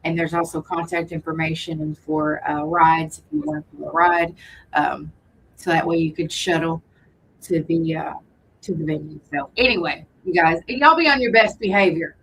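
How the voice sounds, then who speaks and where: Woman, morning radio host, loose and rambling, bright tone, light background noise. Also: low voice, fairly even intonation, normal speed, low-quality recording. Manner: chatty, loose and rambling, greets listeners by name. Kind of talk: casual morning radio chat. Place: radio studio.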